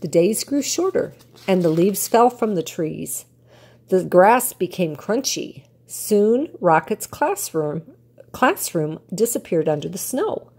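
A woman's voice: fairly low pitch, slow pace, husky. Older woman reading a storybook aloud. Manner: warm, expressive storytelling cadence. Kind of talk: children's picture book read-aloud.

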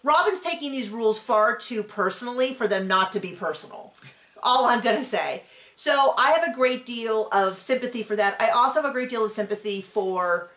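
Middle-aged female recap co-host, higher voice, animated and rambling, echoey room. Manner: animated, acts out quotes, rambling asides. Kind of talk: casual chat recapping a reality show.

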